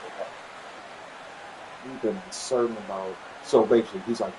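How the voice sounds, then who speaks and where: A man casually telling a personal story, animated and repeating himself as he acts out what was said. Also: normal speed, background noise. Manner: animated, acts out quoted dialogue with pitch jumps; repetitive, stumbling restarts. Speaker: vlogger sharing a family update.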